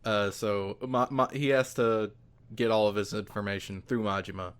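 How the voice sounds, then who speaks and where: Relaxed podcast guy who trails off. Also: fairly low pitch, moderate pace, clean tone. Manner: relaxed, filler-heavy, trails off mid-sentence. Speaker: podcast co-host. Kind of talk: casual chat.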